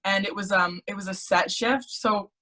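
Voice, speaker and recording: A teenage girl in casual chat, telling her story in an animated way with lots of filler words. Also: medium pitch, normal speed. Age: teens. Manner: chatty, animated storytelling with many "like"s. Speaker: guest.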